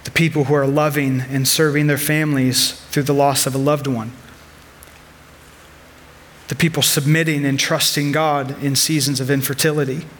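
A man's voice: a little high, a bit bright. Earnest conversational pastor, a man. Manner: earnest, conversational preaching with personal stories. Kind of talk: sermon.

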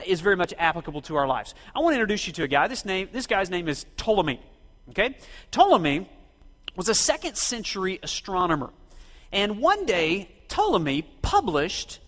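A man's voice: high-pitched, a bit bright. A man preaching a sermon, asking his congregation questions and telling them what to do. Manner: rhetorical, quizzes and directs the congregation. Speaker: pastor. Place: church sanctuary. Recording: long reverb of a church hall.

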